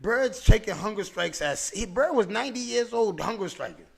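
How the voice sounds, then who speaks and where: A man hosting a podcast, telling a story in a casual, animated, profane way, with frequent restarts and repeated words. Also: sits high, normal speed, creaky, breathy edge. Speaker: podcast host.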